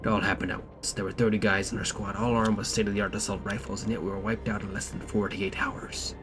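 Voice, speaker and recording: Brief: gruff pirate drawl put on by a male streamer, low-voiced, game music behind. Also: fairly even intonation, extremely slow. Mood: grim. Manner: drawling, theatrical pirate talk. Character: gruff male pirate reading a grim note.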